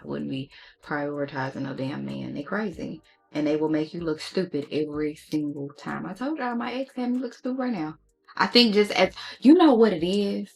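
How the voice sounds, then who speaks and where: Low, gravelly-voiced woman chatting candidly. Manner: candid, sassy, talks straight to viewers. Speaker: beauty vlogger. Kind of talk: casual storytime chat.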